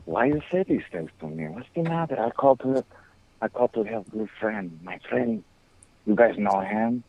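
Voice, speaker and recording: A man's voice: mid-range voice, big pitch swings, normal speed, creaky. A man calling in by phone and putting on a silly, self-important character who talks in broken English and rambles crudely. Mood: rambling. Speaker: prank caller. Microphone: phone call-in. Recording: tinny phone line.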